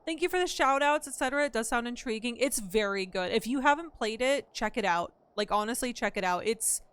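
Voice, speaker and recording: A woman's voice: a little high, lively intonation, fairly quick, a bit bright, smooth, no room sound. A woman hosting a casual gaming live stream, chatting and greeting viewers in a bubbly, welcoming way.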